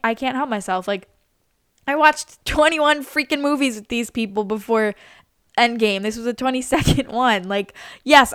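A young woman in her early twenties talks in a casual, gushing ramble, her speech dotted with "like" and "literally". Her voice sits a little high and sounds smooth and clear. The sound is close and dry, with no room around it. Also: fairly bright tone, dry recording. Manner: chatty and gushing, lots of "like" and "literally". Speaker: vlogger. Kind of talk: casual chat.

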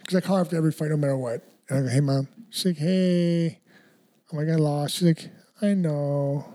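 A young man telling a story in a casual, animated way, laughing often and using slang. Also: fairly high pitch, racing. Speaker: guest, fighter.

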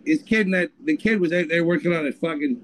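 A man's voice: on the high side, fast talker, low-quality recording. A man co-hosting a podcast, telling a story in crude, rambling casual chat. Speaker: podcast co-host.

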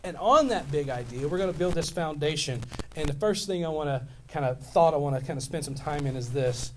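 A man in his fifties from Louisiana, preaching a sermon as pastor, telling stories in an animated, rambling way with many restarts. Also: a little high, a little fast, a little hiss or hum.

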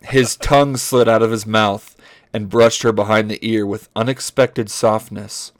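A man co-hosting a comedy podcast, reading a story aloud in a deadpan way and stopping to comment on the text. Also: lowish voice, a little slow, no echo, clean studio sound. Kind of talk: comedic read-aloud with banter.

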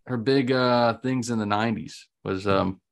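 A man from Ohio hosting a podcast in a relaxed, informal way, filling in facts for his co-hosts. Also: mid-range voice, a little slow, vocal fry. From Ohio, United States. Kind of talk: casual chat.

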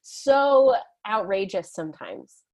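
A woman's voice: medium pitch, big pitch swings, slow, vocal fry, a little mellow. A woman in her thirties, a guest telling stories with animation, laughing and acting out quotes. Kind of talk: storytelling in conversation.

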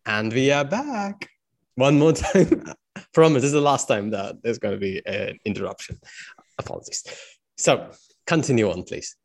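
A man's voice: mid-range voice, animated, moderate pace. Man rambling through casual questions. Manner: inquisitive, rambling questions with fillers. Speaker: host. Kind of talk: casual interview.

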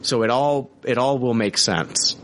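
A man's voice: medium pitch, a little slow, fairly bright tone. Rambling, foul-mouthed male podcast host. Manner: rambling, profane, self-mocking. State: injured leg, in a splint. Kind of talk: casual podcast sign-off.

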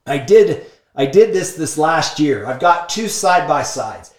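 A man telling a business story in an energetic, emphatic monologue, peppering his talk with "like" and "okay?". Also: fairly high pitch, unhurried. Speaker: speaker sharing business lessons from a book. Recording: echoey room.

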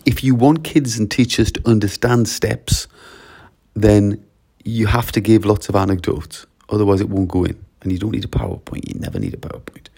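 A man runs a casual solo podcast as a school leader, his voice low with a gravelly edge. He talks in a chatty, anecdotal way and often acts out little exchanges. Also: moderate pace, mellow.

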